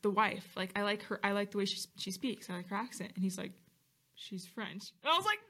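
A woman's voice: mid-range voice, level tone, fast, pushed and bright. A young adult woman co-hosting a casual chat podcast, telling stories and acting out her own quotes. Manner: chatty storyteller, acts out her own quotes. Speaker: podcast co-host.

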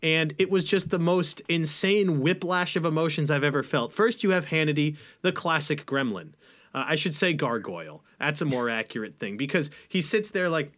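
Young man, podcast co-host, casual rambling chat, fairly high voice, animated. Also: moderate pace. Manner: animated, rambling, mocking impressions.

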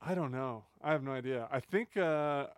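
A man's voice: medium pitch, normal speed, clear, resonant tone, dry recording. Male co-host, easygoing and unsure, says dude a lot, dry close mic. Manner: laid-back, hesitant, says dude a lot. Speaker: podcast co-host. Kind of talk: casual podcast chat.

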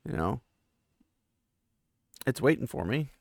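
A man's voice: mid-range voice, big pitch swings, takes it slowly, creaky, no room sound, clean studio sound, full character voice. A man voicing a young male country lad who speaks urgently and defiantly.

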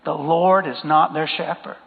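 A man's voice: a little high, steady tone, unhurried, vocal fry, breathy edge. A man preaching a sermon in an emphatic style, repeating phrases and putting questions to the congregation. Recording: phone-like sound with long hall reverb.

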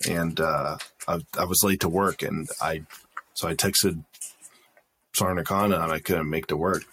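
A man telling a work story in a casual podcast chat, lively and profane, acting out the dialogue. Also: low-pitched, moderate pace, a little hiss or hum.

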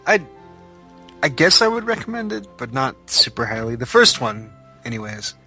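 A man's voice: mid-range voice, very animated, moderate pace, sharp tone, soft background music. A man in a casual chat who talks bluntly and swears freely.

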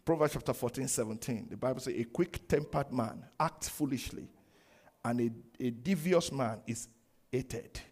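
A man preaching a sermon, animated, laughing often and acting out the quoted lines. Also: mid-range voice. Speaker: pastor.

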